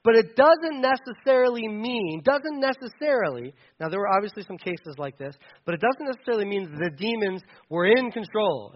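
A man preaching in a loose, conversational way, often stumbling and restarting as he explains. His voice sits fairly high for a man. The sound is dull and lo-fi. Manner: casual, chatty, with many restarts and fillers. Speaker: pastor. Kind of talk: conversational sermon.

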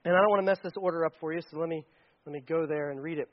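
A man preaching a sermon, telling a story in a lively, animated way and acting out the quotes. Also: on the high side, racing, highs cut off. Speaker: pastor.

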